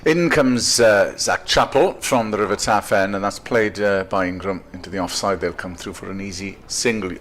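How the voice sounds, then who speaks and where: A man's voice: on the low side, moderate pace, few pauses, a bit bright. A man co-commentating on cricket, chatty and anecdotal, chuckling as he talks. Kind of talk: radio cricket commentary and chat.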